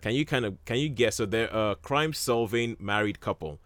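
A man with a lowish voice rambles through a film recap in casual chat, stopping and restarting his sentences. The sound is dry and close, with no room around it. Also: expressive, moderate pace, a bit bright, dry recording. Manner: rambling, many fillers and restarts, chuckles often. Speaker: film discussion host. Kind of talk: casual chat about films.

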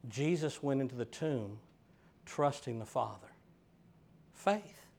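A man's voice: medium pitch, lively intonation, takes it slowly, gravelly, darkish tone. A man preaching a sermon, emphatic and direct with his listeners. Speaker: pastor.

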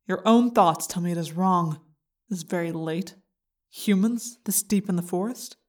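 A woman's voice: fairly low pitch, moderate pace, darkish tone, natural voice. A woman reading a cold alien parasite. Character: cold cruel male alien parasite controlling a boy. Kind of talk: audiobook character voice.

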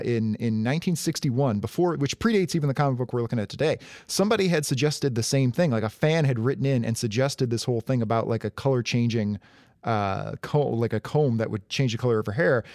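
Lively-voiced man in wry podcast chat. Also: medium pitch, no echo, clean studio sound. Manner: wry, explanatory, bookish asides. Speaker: podcast co-host. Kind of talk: casual chat.

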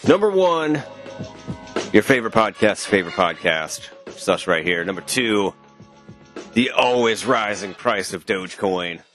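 Deep-voiced joking podcast co-host man. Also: animated, unhurried, fairly bright tone, faint music behind. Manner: joking, rambling storyteller. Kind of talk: casual chat. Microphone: podcast mic with pop filter.

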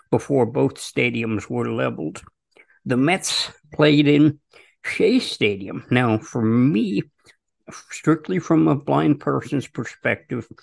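A man hosting a podcast interview, asking questions in a measured way. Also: medium pitch, vocal fry, no room sound. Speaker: podcast host. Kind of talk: interview chat.

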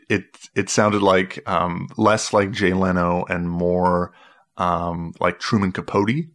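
A man telling a story in casual conversation, halting and rambling, with many restarts and fillers. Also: low voice, a bit bright. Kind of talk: casual chat.

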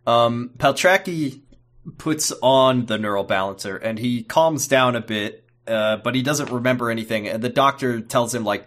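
A man's voice: medium pitch, normal speed, a bit bright. A man co-hosting a podcast, chatting casually about a TV episode, rambling and hesitant with many fillers. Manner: rambling, hesitant, with goofy put-on voices. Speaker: podcast co-host. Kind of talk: casual chat recapping a TV episode.

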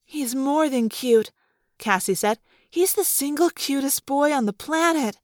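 A woman voicing a gentle teenage girl who speaks softly and gushingly in an audiobook. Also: high voice, animated, measured pace, no room sound, clean studio sound, pitched above the performer's own voice. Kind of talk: audiobook character reading.

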